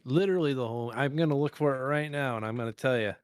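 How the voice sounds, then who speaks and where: Man, podcast co-host, mid pitch, playful mock-confused banter, dry recording. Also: rapid-fire, clean tone, no room sound. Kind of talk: casual chat.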